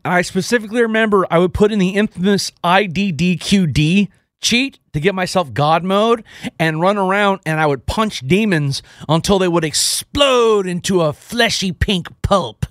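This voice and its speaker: A man from Houston, Texas, hosting a radio show in a casual, energetic, joking style. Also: high-pitched, no echo, studio quality. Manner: energetic, joking, self-deprecating.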